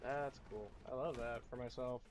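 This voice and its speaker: A man giving casual let's-play commentary, swearing at enemies and whining about his play in loud, repetitive outbursts. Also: mid-range voice, moderate pace, noisy background. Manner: profane, whiny trash talk at enemies; excitable outbursts and repeated phrases. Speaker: gamer.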